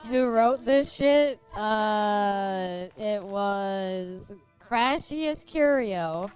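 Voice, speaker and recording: Woman streamer, casual chat, giggly, slow-talking, soft music behind. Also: medium pitch, lively intonation. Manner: giggly, joking. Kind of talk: casual chat while reading in-game book.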